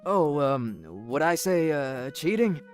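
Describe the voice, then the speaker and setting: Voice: medium pitch, animated, slow, faint music behind. A voice actor playing an evasive, flustered cheating husband who stammers through excuses.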